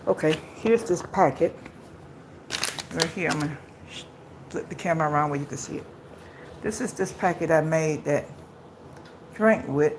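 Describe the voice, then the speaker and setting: A woman's voice: sits low, normal speed, pauses often, noisy background. A woman chatting casually on a live phone stream while walking outdoors and then at home, rambling and repeating phrases, out of breath from walking. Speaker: vlogger. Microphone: phone camera.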